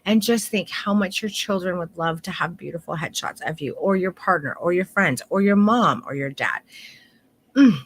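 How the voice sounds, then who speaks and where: A woman's voice: on the low side, expressive, moderate pace, husky. A middle-aged woman photography instructor teaching an online course in a heartfelt, candid way, swearing now and then.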